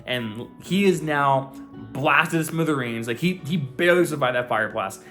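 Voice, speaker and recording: A man's voice: mid-range voice, normal speed, a bit bright, soft background music. A young man reviewing and recapping an anime in a loose, chatty, profane style, full of fillers and asides.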